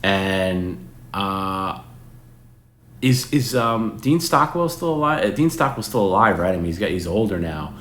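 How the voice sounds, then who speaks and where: A very low-voiced man in his forties hosts a casual live stream and chats with his viewers. He rambles, restarts his sentences and drops the odd swear word. The room sounds echoey, with a faint hiss underneath. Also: expressive, unhurried, fairly bright tone. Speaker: host. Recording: roomy with faint background noise.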